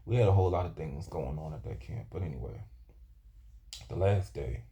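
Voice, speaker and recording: A man telling a personal story from his youth in a halting, rambling way, often restarting his sentences. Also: very deep voice, expressive, warm tone, lo-fi sound. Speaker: vlogger.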